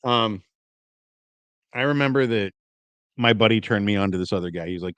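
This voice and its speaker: A man in his forties, a podcast co-host, telling stories casually and acting out quoted lines loudly. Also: fairly low pitch, moderate pace, pauses often, clear, resonant tone, no echo. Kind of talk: casual storytelling chat.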